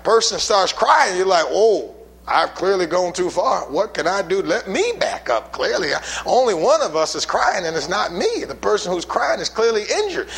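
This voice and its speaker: A man preaching a sermon, swinging between loud emphatic bursts and low, quiet asides. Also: very animated, normal speed, creaky, rough recording. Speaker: pastor.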